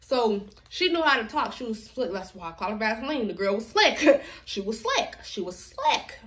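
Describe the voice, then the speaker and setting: A woman's voice: a little high, moderate pace. Chatty woman telling a storytime. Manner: chatty, slangy, animated storytelling. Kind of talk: casual storytime.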